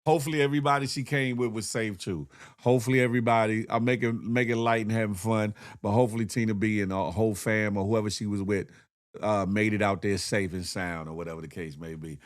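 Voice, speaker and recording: A man's voice: fairly low pitch, steady tone, fast talker. A man hosting a morning show, giving playful, laughing comedic commentary. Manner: playful, laughing, slips into impressions.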